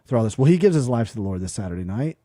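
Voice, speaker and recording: Man in his thirties, earnest co-host, mellow tone, dry close sound. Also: medium pitch, big pitch swings, rapid-fire, dry recording. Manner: earnest, frequent fillers and restarts. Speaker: podcast co-host. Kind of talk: conversational storytelling.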